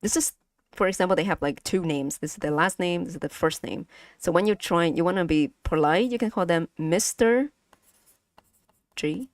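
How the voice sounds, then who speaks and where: A young woman with a Vietnamese accent, teaching Vietnamese on a casual stream, speaking haltingly with many fillers and repeats. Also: lowish voice, no echo, studio quality. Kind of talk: casual language lesson stream.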